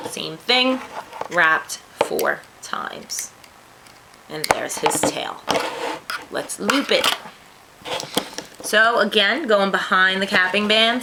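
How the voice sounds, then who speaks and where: A lowish-voiced woman with a New York accent walks through a craft project step by step, chatty and quick to poke fun at her own slips. The recording is noisy, with clear background hiss and clicks. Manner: chatty, self-deprecating asides. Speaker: craft tutorial host. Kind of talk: casual step-by-step tutorial.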